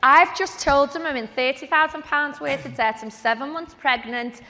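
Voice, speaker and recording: A woman, giving a lively, chatty motivational talk on stage at a business event. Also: sits high, normal speed, slight background noise. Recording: long reverb of a large hall.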